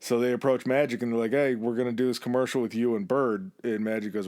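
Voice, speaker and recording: A man hosts a podcast and tells a story in a relaxed, chatty way. He drops into quick impressions when he quotes people. The sound is close and dry, with no room echo. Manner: relaxed storyteller, acts out quoted lines with shifts in pitch. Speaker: podcast host. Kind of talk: casual storytelling chat.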